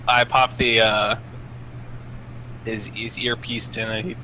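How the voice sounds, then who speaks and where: A man's voice: on the low side, level tone, takes it slowly, pushed and bright, a little hiss or hum, low-quality recording. A man as a player in a tabletop game, asking questions in a hesitant, casual way.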